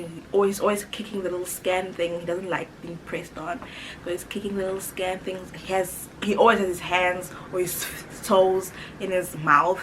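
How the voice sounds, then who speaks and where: Woman, late twenties, from South Africa, pregnant, chatty, animated, lower voice. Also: a little hiss or hum, low-quality recording. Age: 20s. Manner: animated, chatty, laughs often, acts out quotes. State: heavily pregnant. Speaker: YouTuber. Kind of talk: casual storytelling to camera.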